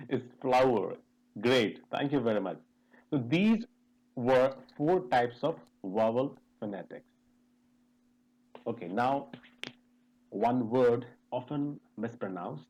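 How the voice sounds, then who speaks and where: A male teacher leads a pronunciation webinar over a video call. He moves slowly and deliberately, and his pitch swings in a lively way as he drills each vowel and spells out words letter by letter. He keeps putting questions to the class. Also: breathy edge, rough recording. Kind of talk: online pronunciation lesson.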